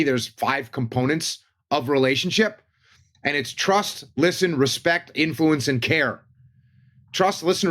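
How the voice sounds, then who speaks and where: A man talking on a podcast panel in a casual, teaching way, driving his points home by repeating them as lists. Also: mid-range voice.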